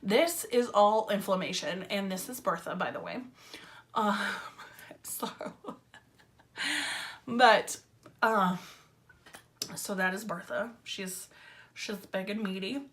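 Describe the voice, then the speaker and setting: A woman's voice: medium pitch, slow pace, pauses often, fairly bright tone. A woman telling a casual story-time vlog in a chatty, filler-heavy way, with wry sarcasm. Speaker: vlogger.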